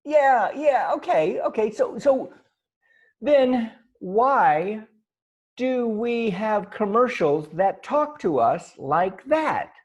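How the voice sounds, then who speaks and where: Lively, husky man on a video call. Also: high voice, takes it slowly. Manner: animated, laughs often, stumbles and restarts. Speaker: podcast co-host. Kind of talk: casual improv chat over video call. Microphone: video call mic.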